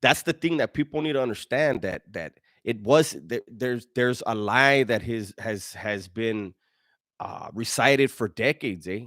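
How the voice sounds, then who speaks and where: Speaking unhurriedly in a mid-range, slightly bright voice, a middle-aged livestream host reads chat aloud and replies with crude street slang, frequently starting over mid-thought. The sound is clean studio quality with no echo.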